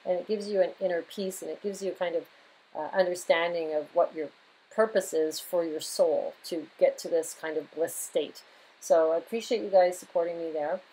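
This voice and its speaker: A woman's voice: on the low side, steady tone, moderate pace, warm tone, breathy edge, rough recording. A woman hosting her own astrology and tarot channel, talking casually and loosely to her viewers, with frequent "right?" and "you know" asides.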